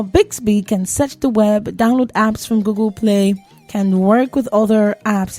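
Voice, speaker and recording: A young woman hosts a radio show, chatting about tech casually and jokingly while laughing at herself. Her voice is mid-range with a dark tone.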